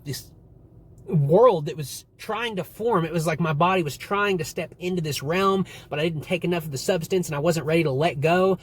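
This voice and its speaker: Young male vlogger, somewhat high voice, rambling, sweary storytelling, faint background noise. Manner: rambling, swearing, animated retelling. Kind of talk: casual storytelling to camera.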